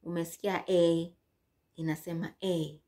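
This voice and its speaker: A woman teaching English letter sounds, repeating words slowly and drawing out each sound. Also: fairly low pitch, flat delivery, mellow. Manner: slow, repetitive, drawn-out drilling of sounds. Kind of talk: slow bilingual phonics lesson.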